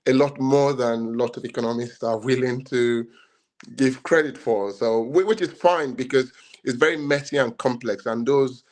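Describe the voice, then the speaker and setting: A man's voice: medium pitch, normal speed, a little mellow. A man, co-hosting a podcast debate and talking in long, rambling turns full of restarts. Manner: rambling, many restarts and fillers. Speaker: podcast co-host. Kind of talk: casual debate chat.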